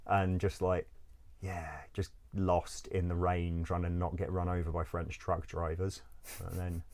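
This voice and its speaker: A man's voice: deep voice, monotone, measured pace, a little mellow. A man telling travel stories in a casual interview. He rambles, fills his speech with "like", swears freely and laughs often. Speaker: interview guest. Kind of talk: casual storytelling.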